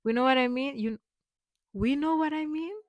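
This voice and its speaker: Young woman vlogger, slightly high voice, loose rambling delivery full of fillers, dry close recording. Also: normal speed, no echo. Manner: rambling, lots of fillers and restarts, affirming. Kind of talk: rambling personal vlog.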